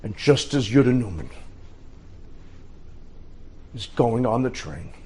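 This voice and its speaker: A middle-aged man, a rabbi, telling an inspirational story in short, dramatic phrases with pauses. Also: mid-range voice, animated, darkish tone, breathy edge.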